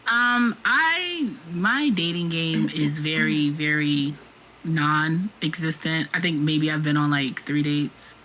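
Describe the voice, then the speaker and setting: A woman co-hosting a casual podcast chat, telling stories in an animated, laughing way. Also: sits low, slow, slight background noise, low-quality recording. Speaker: podcast co-host.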